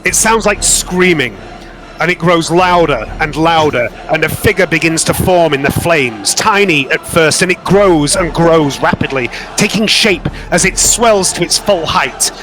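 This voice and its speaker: A man narrating a tabletop game as game master in a slow, dramatic, descriptive way. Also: a little high, expressive, over music, poor audio.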